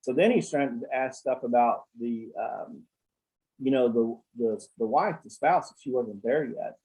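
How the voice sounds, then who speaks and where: Blunt, husky-voiced man telling stories. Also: mid-range voice, measured pace, darkish tone, poor audio. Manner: blunt and salty, with swearing; rambling, with many fillers and restarts. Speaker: accountant guest. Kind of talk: casual storytelling on a call.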